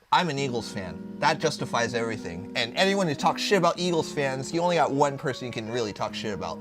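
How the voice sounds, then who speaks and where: A man's voice: mid-range voice, big pitch swings, fast talker, few pauses. A young man from Arizona chatting casually while cooking on a live stream, brash and profane, jumping from topic to topic. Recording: music playing under the voice. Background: guitar music.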